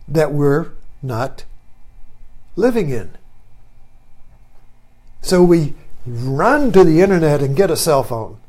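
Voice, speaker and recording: Older man, higher-pitched voice, musing monologue, self-recorded talk, keeps saying "you see". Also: darkish tone. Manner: musing, often tags phrases with "you see". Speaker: online talk host. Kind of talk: rambling philosophical monologue.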